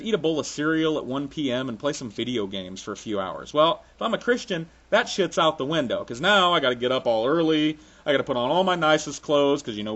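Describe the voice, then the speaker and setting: Sarcastic, profane man with a lively voice. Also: on the high side, highs cut off. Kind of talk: sarcastic comic rant to camera.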